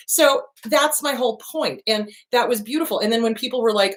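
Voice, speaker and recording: A middle-aged woman hosting a show, talking in a blunt and animated way with a lot of swearing, like a casual monologue. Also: fairly high pitch, fast, hardly any pauses. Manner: blunt, profane, animated storytelling. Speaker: host.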